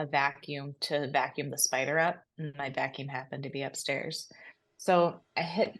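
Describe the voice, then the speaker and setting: A woman co-hosting a podcast, retelling a frightening personal experience in a lively, breathless way, full of fillers and laughs. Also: extremely low pitch, moderate pace. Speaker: podcast co-host. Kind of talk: casual storytelling.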